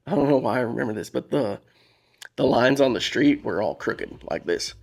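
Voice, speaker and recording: A man's voice: medium pitch, lively intonation, normal speed, creaky, a little mellow. A man, possibly, telling a personal story in a candid, emotional way, rambling and restarting as he talks. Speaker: podcast guest. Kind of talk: casual storytelling.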